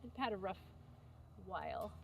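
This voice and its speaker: A woman's voice: mid-range voice, expressive, a little slow, vocal fry, a little hiss or hum. A young woman telling rambling stories in a casual, chatty way while working on a fence outdoors. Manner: rambling, chatty, with many fillers and asides.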